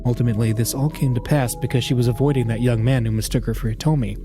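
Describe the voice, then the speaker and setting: A man's voice: mid-range voice, fairly even intonation, fast, music in the background. A man hosting a let's play, reading a visual novel aloud with casual, jokey asides.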